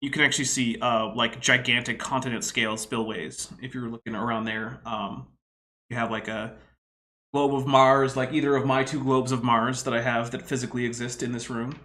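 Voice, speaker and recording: A man's voice: medium pitch, level tone, moderate pace, bright, forceful tone. A man casually commenting on a video at home, explaining with knowledgeable rambling and lots of fillers. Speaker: co-host reacting to a video. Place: home room.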